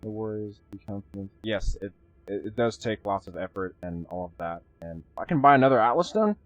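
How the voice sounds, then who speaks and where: A man with a fairly low voice talks through a live game stream in an easy, chatty way, bursting into excitement and casual swearing as things happen on screen. Soft game music plays faintly underneath. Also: fairly quick, dry recording, lo-fi sound. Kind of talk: live gameplay commentary.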